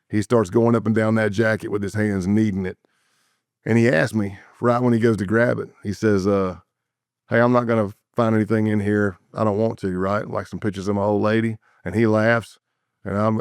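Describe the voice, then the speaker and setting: A man with a lowish, smooth, resonant voice recounts his undercover days as a podcast guest. He builds his story vividly, acting out sounds and repeating himself. The sound is close and dry, with no room in it. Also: no room sound. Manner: vivid, animated storytelling with sound effects and repetitions. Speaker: interview guest, former undercover agent.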